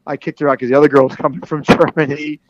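A middle-aged man calling in as a guest, chatting casually in a halting way with lots of repeated words. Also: fairly high pitch, little pitch movement, muffled recording, heavy background noise. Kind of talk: casual chat.

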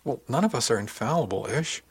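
A man voicing a woman who leads a ship section, gentle but blunt, with a dry sense of humor. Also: mid-range voice, animated, fairly quick, slightly rough, voice pushed up. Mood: caring. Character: female section chief, firm and caring.

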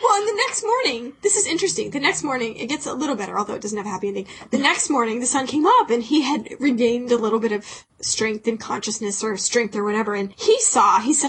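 A woman's voice: fairly high pitch, fast talker, hardly any pauses, fairly bright tone, slight background noise, poor audio. A woman co-hosting a podcast, telling a story in a casual, emotional way. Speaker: podcast co-host.

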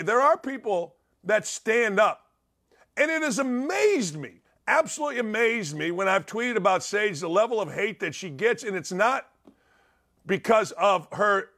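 A man's voice: high voice, lively intonation, normal speed, fairly bright tone. A middle-aged man hosting a talk show, giving opinionated commentary in punchy, repetitive short sentences.

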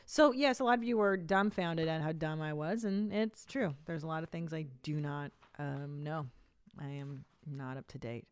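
A woman's voice: low voice, normal speed, clean tone, no room sound. Blunt, foul-mouthed woman co-hosting a podcast. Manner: profane, blunt, joking. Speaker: podcast co-host. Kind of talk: casual podcast banter.

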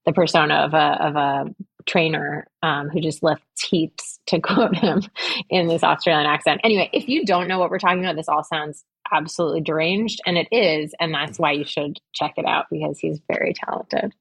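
A woman's voice: sits low, moderate pace, gravelly, slightly rough, dry recording. A woman chatting as a podcast guest, enthusiastic and articulate, gushing about work she admires. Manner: enthusiastic, effusive. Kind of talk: casual interview chat.

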